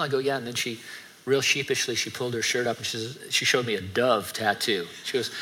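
A man's voice: mid-range voice, fast, sharp tone. A middle-aged male pastor preaching a sermon in a conversational way, with joking asides between stretches of scripture teaching.

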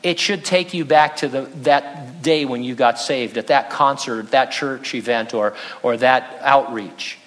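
A man's voice: mid-range voice, a little slow, hardly any pauses, fairly bright tone. A man preaching a sermon as pastor, earnest and conversational with touches of light humor. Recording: long reverb in a large hall.

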